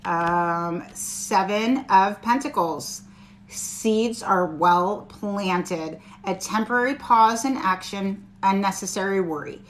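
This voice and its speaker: A woman's voice: medium pitch, takes it slowly, slight background noise. A woman giving a live-stream tarot reading, reassuring and chatty with her viewers. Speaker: tarot reader.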